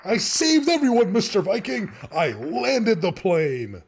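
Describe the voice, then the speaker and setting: Brief: man playing a high, lively, nervous cartoon fight announcer. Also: unhurried, husky, heavily acted. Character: excitable male fight commentator. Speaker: commentator.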